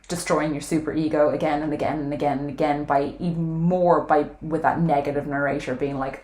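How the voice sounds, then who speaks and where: A woman's voice: low-pitched, steady tone, fairly quick, darkish tone. A woman vlogging to camera, talking frankly and earnestly about self-compassion and weight loss, now and then swearing casually. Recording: echoey room.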